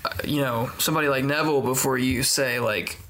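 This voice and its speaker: A man's voice: mid-range voice, steady tone, a little fast, a bit bright, slight background noise. A man co-hosting a casual podcast chat, hesitant and full of fillers, with dry humor. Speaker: podcast co-host.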